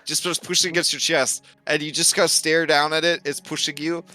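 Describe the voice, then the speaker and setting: A man narrating as game master, chatty and animated, laughing often. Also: on the high side, brisk, soft background music.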